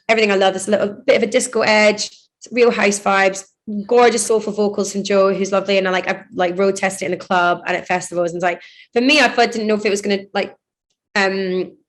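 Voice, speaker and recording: A woman's voice: mid-range voice, steady tone, fairly quick. Chatty woman DJ talking about her music. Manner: chatty, rambling, laughs often, many "like" fillers. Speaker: DJ and producer, interview guest. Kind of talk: casual interview chat.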